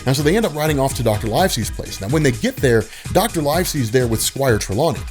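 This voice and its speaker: Fast-talking, slangy young man retelling a story. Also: medium pitch, faint music behind. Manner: animated, slangy, many fillers. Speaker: vlogger.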